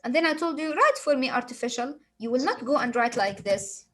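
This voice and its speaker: A woman's voice: high voice, lively intonation, fairly quick, a bit bright, a little hiss or hum, low-quality recording. Patient woman teaching English sounds. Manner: patient, repetitive explaining with examples. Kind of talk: phonics lesson.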